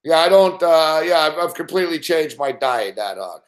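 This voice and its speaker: A man's voice: fairly high pitch, very animated, normal speed. A man hosting a late-night sports betting show, ranting casually and swearing constantly as he rambles. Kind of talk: late-night live stream rant.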